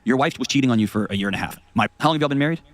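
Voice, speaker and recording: A man hosting an advice show, talking in a folksy, storytelling way at a very rapid clip. His voice sits in the middle range and sounds dry and close to the mic. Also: mid-range voice, animated, fairly bright tone, no room sound. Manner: rapid, folksy, tells stories. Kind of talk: casual advice call.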